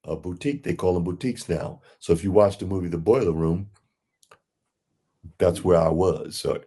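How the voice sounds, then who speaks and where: A man being interviewed, recounting his past in a rambling, animated storytelling way and acting out the people he quotes. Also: moderate pace, breathy edge. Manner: acts out quoted dialogue in a higher voice; rambling with fillers and restarts. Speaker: interview guest.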